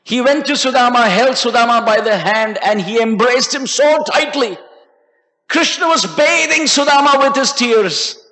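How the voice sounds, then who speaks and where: A man telling a devotional story in an animated storytelling sermon. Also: very high-pitched, moderate pace. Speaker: speaker. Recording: long hall reverb.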